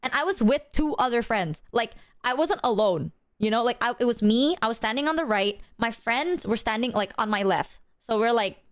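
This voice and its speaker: A young woman streamer telling a story to her chat in a casual, animated way, full of "like" and the odd swear word. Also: a little high, moderate pace, few pauses, dry recording, clean studio sound. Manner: animated, chatty, heavy filler "like", swears.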